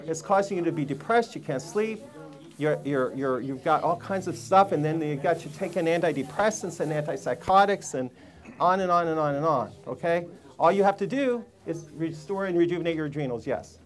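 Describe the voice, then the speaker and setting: A man's voice: a little high, expressive, fairly quick. A man giving a live seminar talk to a room full of people, emphatic and preachy, firing rhetorical questions at the audience. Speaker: health seminar speaker.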